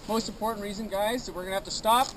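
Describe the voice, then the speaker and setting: A man's voice: high-pitched, steady tone, very fast. A man guiding a sled dog tour, giving an upbeat, joking outdoor safety briefing to a group and ending lines with "okay?". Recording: noisy outdoor field recording.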